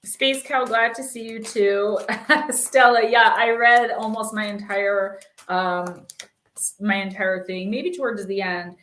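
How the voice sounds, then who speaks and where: A woman's voice: mid-range voice, steady tone, slow, fairly bright tone, reverberant. A woman hosting a live stream, chatting casually and reading oracle cards with lots of fillers. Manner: chatty, filler-heavy, reassuring. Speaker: oracle card reader and live-stream host.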